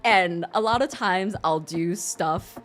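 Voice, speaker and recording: A woman streamer chatting casually on a livestream, expressive and quick to laugh, swearing freely. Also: fairly low pitch.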